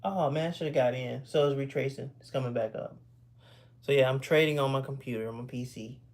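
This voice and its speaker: A man's voice: mid-range voice, brisk. A tired man in his thirties chatting casually on a live stream at home. He rambles and corrects himself, yawning now and then. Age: 30s. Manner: rambling, self-correcting, laid-back. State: sleepy, yawning. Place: home computer room.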